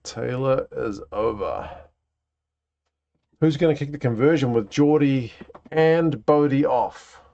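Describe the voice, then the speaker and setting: A man talks through a live rugby watch-along in a chatty, reactive way, turning to greet viewers between plays. His voice sits at an ordinary middle pitch for a man. The stream audio is dull and lo-fi. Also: takes it slowly, vocal fry, pauses often, mellow. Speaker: livestream host. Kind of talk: casual watch-along commentary.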